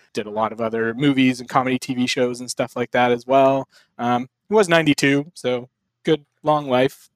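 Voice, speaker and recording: A young adult man hosting a casual podcast from a hotel room, relaxed and rambling, with plenty of fillers. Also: medium pitch, smooth, no echo. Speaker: podcast host.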